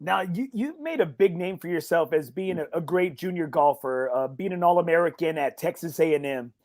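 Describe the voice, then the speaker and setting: A man's voice: fairly high pitch, animated, brisk, darkish tone. A man hosting a golf podcast, chatting casually and in a chummy way with his guest, often repeating his phrases. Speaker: podcast host. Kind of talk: casual interview chat.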